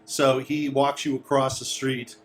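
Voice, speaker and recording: Male game master, middle-pitched voice, halting delivery, faint noise behind. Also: little pitch movement. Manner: halting narration with many uhs, slipping into character voices. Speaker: dungeon master. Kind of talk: narrating a tabletop game.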